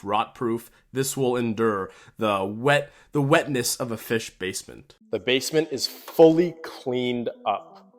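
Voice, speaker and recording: A man hosting a fishkeeping vlog, chatting casually and excitedly to his viewers with rambling asides. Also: medium pitch, no echo. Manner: rambling with fillers. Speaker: fishkeeping channel host.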